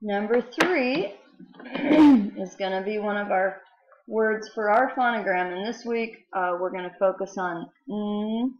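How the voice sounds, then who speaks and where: A woman's voice: mid-range voice, slow, slight background noise. A woman teaching a spelling lesson to young children, patiently sounding out letters. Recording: roomy, dull lo-fi home recording.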